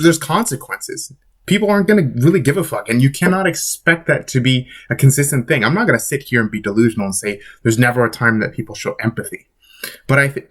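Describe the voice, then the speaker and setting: A man's voice: mid-range voice, a bit bright. A man in a mid-range voice talking straight to his viewers in a casual vlog monologue. He is blunt and swears freely, pressing his points with emphasis. He rambles, restarts his sentences and keeps asking rhetorical questions. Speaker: vlogger.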